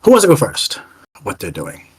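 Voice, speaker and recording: Husky low guy narrating a tabletop game, rambly, keeps fixing his words. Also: wildly swooping pitch, moderate pace. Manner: rambling, self-correcting narration. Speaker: game master.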